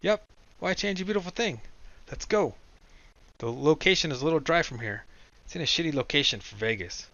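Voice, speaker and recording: Loud, breezy young driver with a bright, raised voice voiced by the narrator for an audiobook. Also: male voice, a little high, expressive, brisk, long pauses, no echo, muffled recording, voice pushed up.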